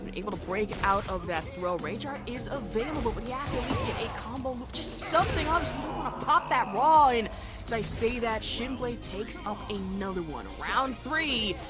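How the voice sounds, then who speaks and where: A young woman commentating a fighting game match, excitable and playful, joking and laughing between calls. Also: a little high, normal speed. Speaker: esports commentator. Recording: loud music bed behind.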